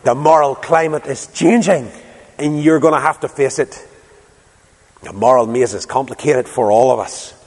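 A man's voice: medium pitch, normal speed, darkish tone, in a large hall. A man preaching a fervent sermon as a pastor in a church, pleading with his listeners. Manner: fervent, rising to impassioned pleading.

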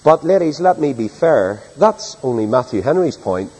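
A man's voice: medium pitch, very animated, normal speed, darkish tone, slightly rough. A man preaching an evening sermon in church, reading scripture aloud with emphatic, dramatic delivery. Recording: long reverb of a large hall.

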